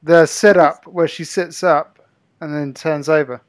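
A man's voice: fairly high pitch, fairly even intonation, unhurried, no echo. A man chatting casually about a film on a podcast, laid-back, with dry sarcastic asides. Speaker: podcast co-host. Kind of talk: casual film review chat.

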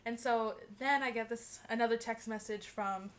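A young woman casually telling a friend a story, animated, swearing freely and laughing as she talks. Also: fairly high pitch, moderate pace. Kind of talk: casual chat.

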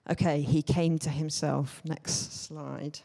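A man's voice: a little high, level tone, slow, gravelly, dark tone. A man giving a conversational sermon, informal and hedging, with many fillers and asides. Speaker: church speaker. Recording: long hall reverb.

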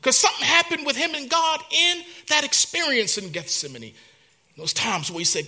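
A male pastor preaching a sermon, dramatic, dropping to a hush and then rising loud, in a church. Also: very high-pitched, normal speed.

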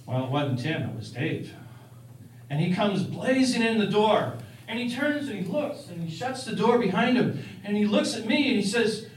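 A man's voice: sits high, animated, moderate pace, slight background noise. A man telling a first-person story in a conversational way, with fillers and restarts. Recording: roomy, distant-miked.

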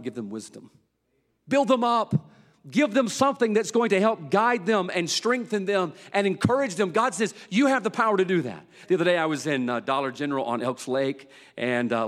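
A man preaching a sermon. He tells stories in a folksy, humorous way and swings between loud, excited telling and low, hushed emphasis. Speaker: pastor. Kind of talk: sermon with storytelling. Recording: long hall reverb.

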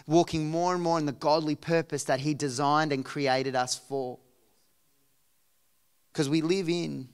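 A man preaching a sermon as pastor, expressive, dropping soft and low then rising to emphatic points. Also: smooth.

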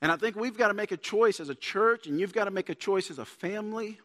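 A man's voice: sits high, fast talker, fairly bright tone. A man preaching a sermon as pastor in a church, earnest and building to emphatic points. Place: church sanctuary. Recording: long church hall reverb.

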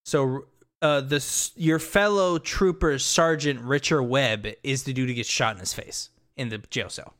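A man's voice: medium pitch, measured pace, fairly bright tone. A man in casual chat about a video game, talking loosely, swearing freely and acting out characters' lines. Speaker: podcast co-host.

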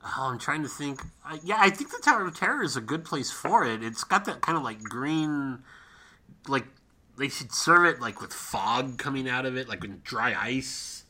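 Bright-voiced, hesitant podcast co-host. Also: mid-range voice, expressive, normal speed. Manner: hesitant, many fillers. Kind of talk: casual podcast chat.

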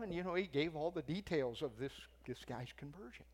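An older man gives a sermon in the easy tone of a teacher telling a story. His voice sits a little high for a man. He leans into the quoted lines. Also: brisk, few pauses, a little mellow. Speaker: preacher and teacher.

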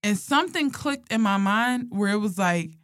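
A woman's voice: medium pitch, normal speed, no room sound. Young woman swapping stories, voice jumps all over, laughs a lot, dry close sound. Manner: animated, laughing, profane storytelling. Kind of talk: casual storytelling chat.

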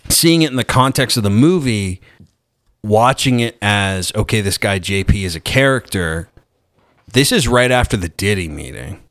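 A man with a lowish voice talks through a film in loose, casual chat. He is animated and swears freely. The recording is dry and close, with no room sound. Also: normal speed, no echo. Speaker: podcast co-host.

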